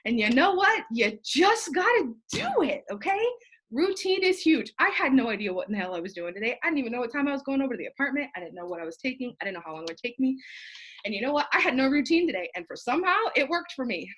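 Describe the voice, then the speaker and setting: A woman's voice: fairly high pitch, lively intonation, racing, fairly bright tone. A young woman, feverish, giving a rambling, fired-up motivational talk to her sales team, joking and swearing casually. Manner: fired-up, rambling, profane and jokey, with asides and laughs. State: sweaty and feverish. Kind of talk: motivational live video talk.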